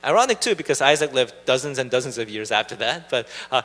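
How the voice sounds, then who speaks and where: A man's voice: mid-range voice, very animated, fast, a bit bright, in a large hall. A man preaching a sermon, retelling the story in a casual, chatty way. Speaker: pastor. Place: church hall.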